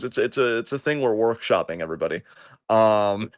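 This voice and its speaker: A man's voice: fairly low pitch, expressive, brisk, no echo, dull audio. A man co-hosting a podcast, delivering a heated, profanity-laced monologue that turns self-deprecating at times. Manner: impassioned, profane ranting. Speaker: podcast co-host.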